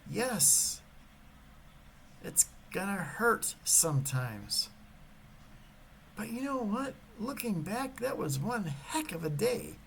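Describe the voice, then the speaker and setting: A man giving a motivational talk and telling a personal story. He is animated and swings between loud emphasis and hushed whispers. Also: high voice, slow, gravelly, pauses often, slight background noise, rough recording. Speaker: motivational speaker.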